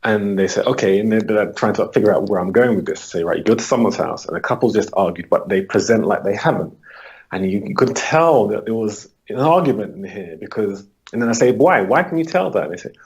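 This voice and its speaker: A man's voice: fairly low pitch, darkish tone, slightly rough. A man being interviewed as a holistic coach, patiently explaining his approach and acting out his talks with clients. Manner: acts out client dialogues, brisk and patient. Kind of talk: conversational explanation.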